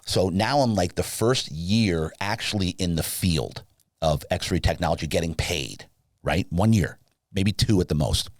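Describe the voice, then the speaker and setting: A very low-voiced man tells a rambling personal story as a podcast guest. He gets animated and jumps his voice way up when he acts out dialogue. The sound is dry and close, with no room echo. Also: a little slow. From Southern California. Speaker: podcast guest, sleep business founder. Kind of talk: casual storytelling interview.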